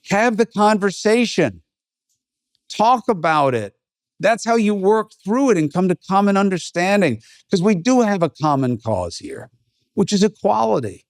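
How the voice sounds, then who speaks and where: A man's voice: high-pitched, animated, measured pace, dry recording, clean studio sound. A middle-aged man hosting his own podcast, giving a blunt, emphatic opinion monologue in a conversational way and swearing now and then. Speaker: podcast host.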